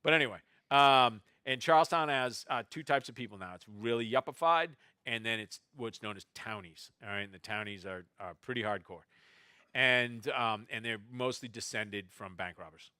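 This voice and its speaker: Man, forceful bright tone, dry close sound, animated wry storytelling. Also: mid-range voice, normal speed, clear, resonant tone, no room sound. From Boston, USA. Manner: animated, wry anecdotes with restarts. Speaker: novelist speaking at a festival. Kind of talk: storytelling talk to an audience. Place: festival stage before an audience.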